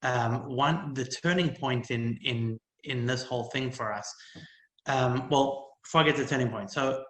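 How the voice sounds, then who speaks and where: A man giving a personal testimony as a panel speaker at a community event, heartfelt and halting, with many restarts and fillers. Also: mid-range voice, a bit bright, echoey room, rough recording.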